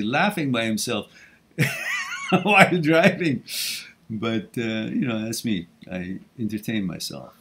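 A man's voice: mid-range voice, a bit bright, breathy edge. A middle-aged man hosting a live question and answer stream, talking casually and laughing often. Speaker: host. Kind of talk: live Q&A talk.

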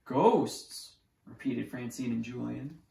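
A preschool teacher reading a picture book aloud to children, expressive and animated, in a roomy echo. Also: mid-range voice, measured pace, gravelly. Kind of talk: storybook read-aloud.

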